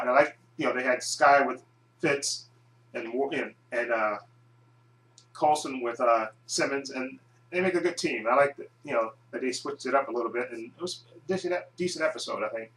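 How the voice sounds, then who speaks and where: A man's voice: mid-range voice, fairly bright tone, echoey room, rough recording. A man giving a casual, rambling recap and review of a TV episode, often restarting his sentences. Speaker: video reviewer.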